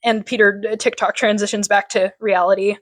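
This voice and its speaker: A woman's voice: medium pitch, level tone, fairly quick. A woman co-hosting a podcast, chatting casually about a TV episode, laughing often and acting out quoted lines. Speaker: podcast co-host. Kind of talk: casual chat recapping a TV episode.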